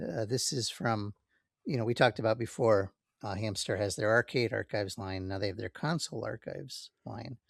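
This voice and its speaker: A man co-hosting a podcast, talking in a relaxed, rambling way, checking himself as he goes. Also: fairly low pitch, creaky, no room sound, clean studio sound. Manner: relaxed, rambling, many fillers and self-checks. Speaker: podcast co-host. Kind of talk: casual chat.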